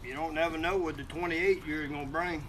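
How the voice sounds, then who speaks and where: A middle-aged man chats through a live cooking stream outdoors, folksy and foul-mouthed. His voice sits high and bright. Faint outdoor noise runs underneath. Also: steady tone, brisk. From Louisiana. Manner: profane, joking, folksy. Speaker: outdoor cook and co-host. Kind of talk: casual live-stream chat.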